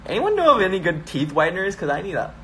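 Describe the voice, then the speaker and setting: A man's voice: high-pitched, wildly swooping pitch, fast, a bit bright, slight background noise. A young man hosting a live stream from his phone, hyper and joking as he reads viewer comments aloud. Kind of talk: casual live-stream chat.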